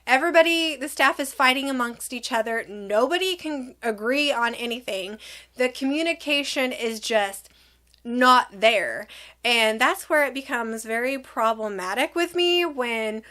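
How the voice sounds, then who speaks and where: A young woman vlogger chatting casually to camera, animated, dramatic asides. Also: fairly high pitch, a little slow.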